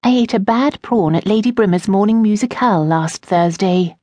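A woman's voice: medium pitch, normal speed, darkish tone, no echo, voice pushed up, close to an everyday voice. A woman narrating an audiobook, voicing a poised young noblewoman who answers her father with composed asperity. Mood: tart. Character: poised young noblewoman, a debutante and patient daughter. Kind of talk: audiobook character voice.

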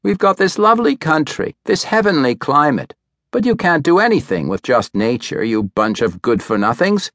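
Preachy grumbling old woman voiced by a man, raised pitch, scolding rant, storybook. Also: very animated, moderate pace, a bit bright, dry recording, clean studio sound.

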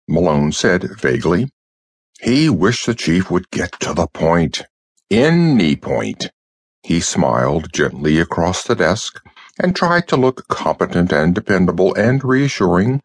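A man narrating an audiobook in a measured, expressive storytelling manner. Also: low voice, slightly rough, dry recording, studio quality. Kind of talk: scripted narration.

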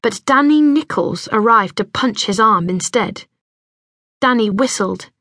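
A woman reading an audiobook in scripted narration, measured and gentle, close to a studio mic. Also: a little high, expressive, no room sound.

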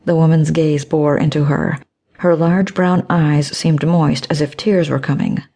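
A woman reading an audiobook in a measured, even storytelling manner. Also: deep voice. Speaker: audiobook narrator. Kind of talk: scripted audiobook narration.

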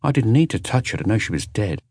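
A hard, unflinching older woman with nothing to hide, as a male narrator puts her on in a raised voice. She answers flatly and bluntly in an audiobook. The sound is close and dry. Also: lowish voice, fast talker, no echo, pitched above the performer's own voice. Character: flat-voiced older woman, ex-convict cleaner.

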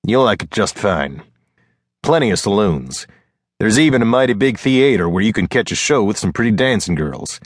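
A man voicing a lean, easygoing male outlaw with a slight Irish brogue, speaking in a teasing, relaxed way. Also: on the low side, normal speed, no echo, clean studio sound.

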